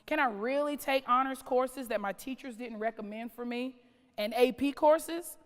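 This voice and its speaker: A school principal from North Carolina in her late 30s gives a keynote speech in a large, reverberant conference hall. Her fairly high voice moves at a moderate but shifting pace, and her delivery is dramatic, packed with strings of rhetorical questions.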